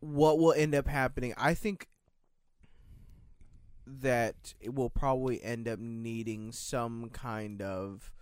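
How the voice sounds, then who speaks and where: A young man from the States talks through his ideas in a loose, rambling way, hedging and restarting as he goes. His voice sits at an ordinary pitch for a man. The sound is dry and close. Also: fairly even intonation, slow pace, clean tone, no echo. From United States. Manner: rambling, hedging, restarts often, swears casually. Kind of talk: casual chat.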